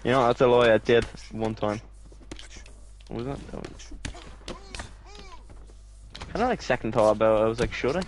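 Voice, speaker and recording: A man's voice: mid-range voice, steady tone, normal speed, pauses often. A young man swearing and teasing a friend while they play a fighting game together. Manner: sweary, teasing, says mate constantly. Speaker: gamer. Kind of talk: casual gaming banter.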